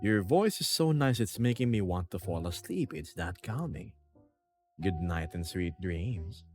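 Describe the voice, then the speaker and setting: A man chats on a live stream, reading comments in a playful, animated manner. His pitch swings up and down a lot, and faint music plays underneath. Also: unhurried. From Philippines.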